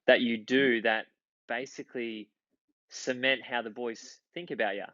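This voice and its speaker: An Australian man in his thirties tells long rambling stories in casual chat and often restarts his sentences. His voice is mid-pitched. The recording is dry and a little dull. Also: steady tone, measured pace, pushed and bright, no room sound. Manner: rambling anecdotes with many restarts. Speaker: podcast guest, former footballer.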